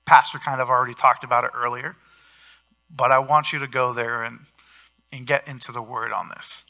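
Bright, gravelly-voiced pastor preaching. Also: male voice, medium pitch, fairly even intonation, moderate pace. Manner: earnest preaching with swings in loudness for emphasis. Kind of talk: sermon.

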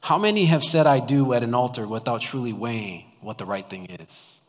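A male pastor preaching a sermon in a church, talking conversationally with the congregation and swinging between loud mock-shouting and hushed earnest lines. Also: medium pitch, brisk. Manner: conversational, asks the congregation questions. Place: church sanctuary. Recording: long hall reverb.

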